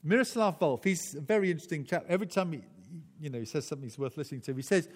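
Man, preacher, sermon, chatty restarts, lively intonation, long hall reverb. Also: on the high side, racing, hardly any pauses. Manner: conversational, with frequent restarts and chuckles.

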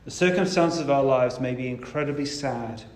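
A man's voice: medium pitch, moderate pace, echoey room. A man preaching a sermon in a conversational, emphatic way, stressing key words.

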